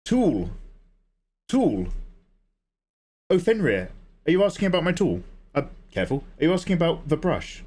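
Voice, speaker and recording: Laid-back swearing Australian streamer. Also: male voice, on the high side, very animated, moderate pace, a little mellow. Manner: chatty and laid-back, swears and laughs often, reads chat aloud. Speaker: art livestreamer. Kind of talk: casual chat while drawing.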